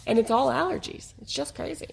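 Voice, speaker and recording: A woman co-hosting a podcast in casual chat, hoarse and congested, talking frankly and laughing often. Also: high voice, brisk. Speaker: podcast co-host.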